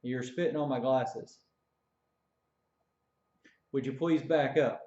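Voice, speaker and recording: A man voicing a calm, polite young male army recruit who stands firm. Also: mid-range voice, slow, lightly acted. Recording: dull echoey room recording.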